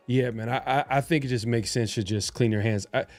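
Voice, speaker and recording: A man co-hosting a casual sports talk show, speaking in a halting, laid-back way with many restarts. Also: medium pitch, steady tone, no room sound, soft background music. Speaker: podcast co-host.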